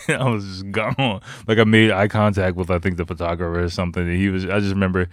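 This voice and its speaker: A man's voice: deep voice, fairly even intonation, a little fast, pauses often, no room sound, studio quality. A man casually telling rambling, profane stories to the camera, laughing often between his words. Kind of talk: casual storytelling.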